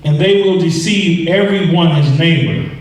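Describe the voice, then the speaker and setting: A man reading scripture and commentary aloud in a slow, deliberate way. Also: on the high side. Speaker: scripture reader. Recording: echoey room from far off.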